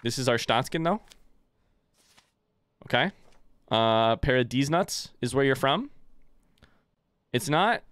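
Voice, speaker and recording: A man's voice: medium pitch, animated, slow pace, long pauses, a bit bright, clear, resonant tone. A young man doing live let's-play commentary, chatting with viewers and reading game text aloud.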